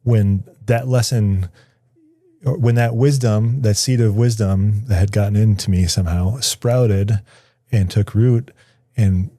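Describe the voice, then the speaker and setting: A man speaks as an interview guest in a studio, recounting a personal story in a reflective, searching way. His voice sits fairly low, with a soft, mellow tone. The sound is close and dry, with no room echo. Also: fairly even intonation, a little slow. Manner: reflective, searching for words with frequent restarts. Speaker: guest, writer.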